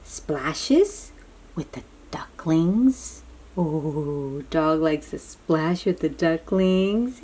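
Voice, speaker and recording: A woman reading a picture book aloud to young children, gentle and often dropping to a soft whisper, asking them questions as she goes. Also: low-pitched, animated, drawn-out words.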